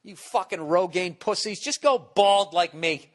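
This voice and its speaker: A forties-aged podcast host spins a rambling, profane monologue that pokes fun at himself, imitating others in exaggerated voices. His voice sits high and runs a little slow. He uses a windscreened studio podcast mic, yet it sounds as if he's in a large hall.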